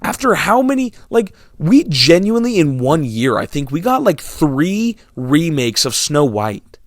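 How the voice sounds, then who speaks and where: A man's voice: a little high, very animated, a little slow, dry recording. A young man ranting casually to his viewers about movies and theaters, sarcastic and exasperated, dropping to mumbles and then flaring up. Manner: exasperated, sarcastic, swinging between mumbles and outbursts. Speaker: movie vlogger.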